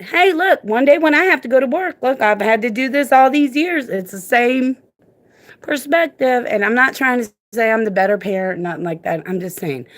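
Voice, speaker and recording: A woman speaking emphatically into her phone in a casual vlog rant, informal and repetitive, often saying "look". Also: a little high. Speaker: parent vlogger and advocate.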